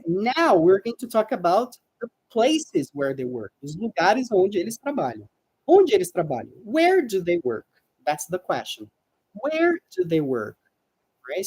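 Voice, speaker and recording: Lively husky woman teaching English. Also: mid-range voice, no echo, rough recording. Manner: patient, repeats words slowly for pronunciation. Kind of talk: live online English lesson.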